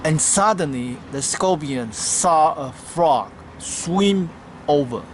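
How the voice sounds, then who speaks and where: A man's voice: a little high, animated, slow, noisy background. A man giving an earnest spiritual talk and telling a parable, in simple phrasing with slips of grammar, recorded outdoors in a city. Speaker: Hare Krishna devotee.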